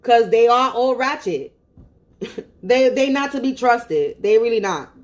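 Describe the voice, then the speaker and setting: A woman's voice: on the high side, lively intonation, a little slow. A woman on a phone livestream, venting angrily in a profane, repetitive rant. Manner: angry, profane and repetitive ranting.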